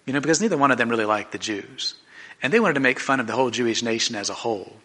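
A man preaching a sermon in an animated, conversational way, often restarting his sentences. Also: mid-range voice, very fast. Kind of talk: sermon storytelling.

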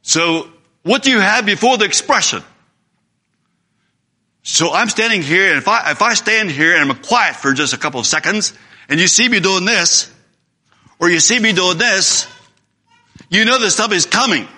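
A man's voice: high-pitched, lively intonation, normal speed, long pauses, pushed and bright. A man preaching a sermon in an earnest, emphatic way, reading scripture aloud.

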